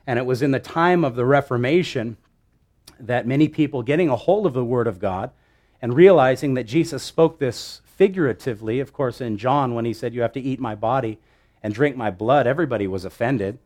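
A male pastor preaching a sermon, teaching with lively asides and rhetorical questions to his listeners. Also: medium pitch, brisk.

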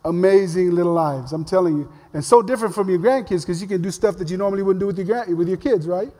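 An older pastor preaches a sermon in a relaxed, chatty style, weaving humor into his storytelling. He talks fast in a voice that sits high for a man, and the big church hall adds a long echo.

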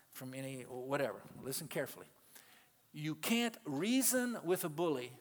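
A male pastor preaching a sermon to his congregation, swinging between loud, emphatic peaks and quiet asides and calling out to the people in the pews. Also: mid-range voice. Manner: calls out to the congregation. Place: church sanctuary. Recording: long reverb of a large hall.

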